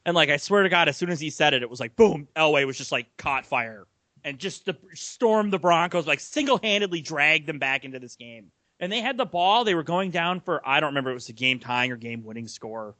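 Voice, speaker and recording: A young man co-hosting a casual sports podcast, his voice bright and lively as he swings up and down in pitch while telling stories. He laughs as he talks, and the sound is dry and close. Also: a little fast, dry recording. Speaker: podcast co-host.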